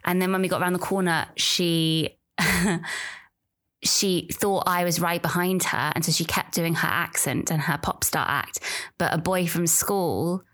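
A woman's voice: on the low side, steady tone, a little slow, fairly bright tone. A woman, chatting casually and candidly on her own, often trailing off and restarting. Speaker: podcast host. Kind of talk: casual solo chat about pregnancy and birth.

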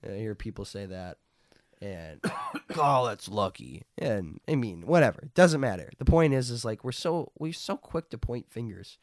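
A man's voice: mid-range voice, expressive, normal speed, a little mellow, no echo, clean studio sound. A man reading Scripture aloud and then explaining it in an earnest, conversational way. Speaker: Bible teacher. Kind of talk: casual Bible reading and discussion. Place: lives in North Dakota.

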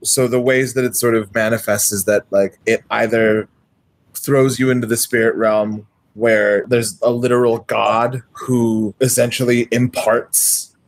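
A man's voice: mid-range voice, flat delivery, a little slow, no room sound. A man chatting as a player while building a tabletop character, rambling and hesitant with many restarts. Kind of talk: tabletop character creation chat.

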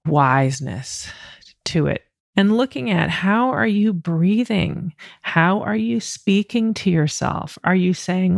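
A woman's voice: low-pitched, creaky, no echo, clean studio sound. A middle-aged woman hosting a solo coaching podcast, candid and self-deprecating, laughing often as she talks. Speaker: podcast host.

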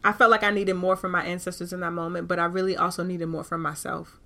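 Woman, podcast host, casual candid talk, bright voice, animated. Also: lowish voice, fast talker. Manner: animated and candid, with frequent cursing.

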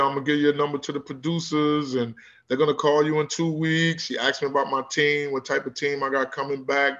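A man, a high school basketball coach, tells his stories with energy, mimicking the people he quotes. His voice sits at an ordinary pitch for a man. The recording sounds slightly dull and lo-fi. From Newark, New Jersey. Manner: animated storyteller who acts out quoted voices. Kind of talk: casual interview storytelling.

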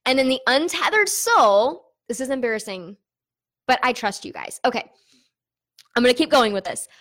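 Speaking directly to her viewers, a young woman with a fairly high, bright voice vlogs casually about her personal thoughts on running an online business. She's animated and candid, talks at a normal speed, and fills her sentences with fillers.

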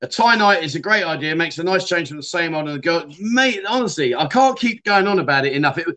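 A man's voice: a little high, animated, fast, pushed and bright. A middle-aged man, hosting a casual livestream and chatting loosely with many fillers and restarts. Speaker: livestream host.

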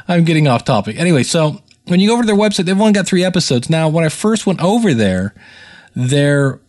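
A man's voice: fairly high pitch, sing-song, fast talker, a little mellow. An American man hosting a podcast in a chatty, rambling, self-deprecating way. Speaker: podcast host. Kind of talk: casual solo podcast talk.

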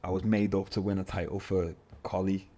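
A man, a guest telling his story in an animated, casual way, swearing and calling everyone lad. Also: low-pitched, fairly quick. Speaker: podcast guest, MMA fighter.

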